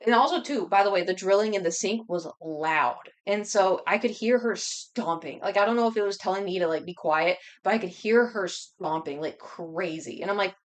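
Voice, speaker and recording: A woman livestreamer telling a rambling, animated story to her chat, talking so fast she has to stop and catch her breath. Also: mid-range voice. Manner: rambling, animated anecdote with many restarts.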